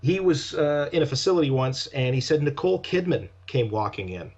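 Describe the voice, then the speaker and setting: A man at a mid-range pitch chats casually as a podcast guest, spinning one long anecdote into the next. His voice comes through dull and lo-fi, with the top end rolled off. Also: lively intonation, fairly quick, darkish tone, slightly rough. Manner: rambling, anecdotal storytelling. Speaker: actor and guest. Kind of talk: casual conversation. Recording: dull lo-fi sound.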